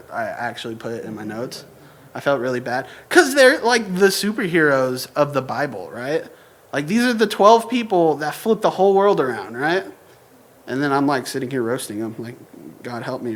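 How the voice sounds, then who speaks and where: A young adult preacher delivering a relaxed, informal sermon. The delivery is full of slang and joking asides, and the pitch sits in a middle range. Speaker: church preacher. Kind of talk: casual sermon.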